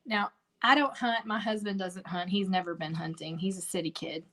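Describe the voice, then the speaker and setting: A woman's voice: fairly low pitch, fairly even intonation, moderate pace, fairly bright tone, slight background noise. A middle-aged woman hosting a craft video, chatting and telling stories straight to her viewers as she works. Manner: chatty storyteller, talks to viewers directly. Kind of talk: casual chat while crafting.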